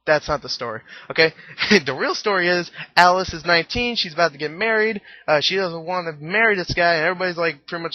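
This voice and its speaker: A man's voice: sits high, lively intonation, quick pace, no room sound, highs cut off. A man giving a casual, rambling film review, joking and laughing at his own jokes. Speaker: movie reviewer.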